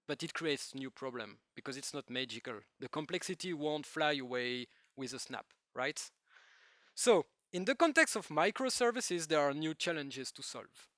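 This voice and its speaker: A man with a French accent giving a joking, lively tech talk to a live audience. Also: on the high side, moderate pace, dry recording, studio quality. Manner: lively, joking, with non-native phrasing. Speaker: conference speaker.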